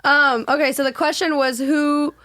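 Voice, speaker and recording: A woman hosting a casual podcast chat, giving brief reactions and quick interjections. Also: sits high, level tone, bright, forceful tone, no room sound. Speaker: podcast host.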